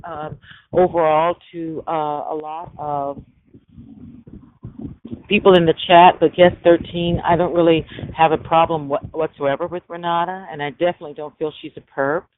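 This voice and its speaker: A man hosting a call-in podcast, talking in an emphatic, preachy way and often asking "okay?". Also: a little high. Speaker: podcast host. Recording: tinny phone line with faint hiss.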